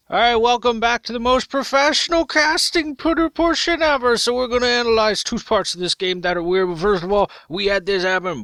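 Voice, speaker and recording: A man casting a pro game with excitable, rapid play-by-play commentary on a close mic. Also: high-pitched, no room sound. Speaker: game caster, channel host. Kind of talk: comedic esports play-by-play commentary.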